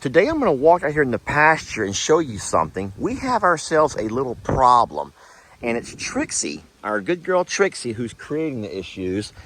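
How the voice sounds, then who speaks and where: A man's voice: mid-range voice, huge pitch swings, moderate pace, fairly bright tone, slight background noise. A man with a Texan accent hosting a casual ranch vlog outdoors in a pasture, chatting in a folksy way straight to his viewers. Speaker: ranch vlogger, host.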